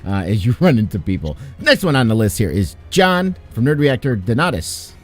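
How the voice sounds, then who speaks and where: A man hosting and running a tabletop game stream, energetic and joking, laughing often. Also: medium pitch, moderate pace, faint music behind. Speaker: game master.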